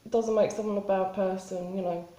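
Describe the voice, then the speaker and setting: A woman talking in a spontaneous confessional vlog, halting and rambling with many restarts and fillers. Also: medium pitch, fairly even intonation, warm tone, roomy sound, rough recording. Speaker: vlogger.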